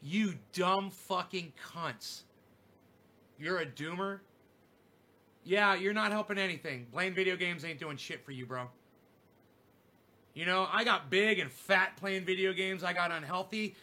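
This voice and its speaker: A man's voice: high-pitched, unhurried, long pauses, bright, forceful tone. A man delivering an angry, profane livestream rant, berating his audience in a confrontational way. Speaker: streamer. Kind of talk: ranting livestream monologue.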